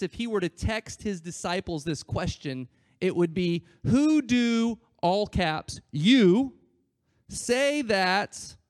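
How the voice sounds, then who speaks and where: A man delivers a sermon in a high-pitched voice, recorded dry and close with no room sound. He swings between loud, stretched emphasis and quiet asides, acting out the scripture quotes like a conversation. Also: no room sound. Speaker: pastor.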